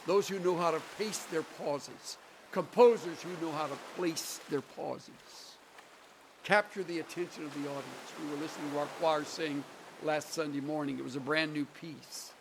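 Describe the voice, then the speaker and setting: A man preaching a sermon slowly and emphatically, leaning on deliberate pauses and prayer. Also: fairly high pitch, background noise. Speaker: pastor. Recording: sermon recording under ocean wave sounds.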